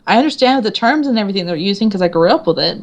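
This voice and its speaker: Laughing woman author telling lively anecdotes. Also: medium pitch, racing. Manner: animated storyteller, acts out quotes, laughs often. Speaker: author guest. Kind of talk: casual interview chat.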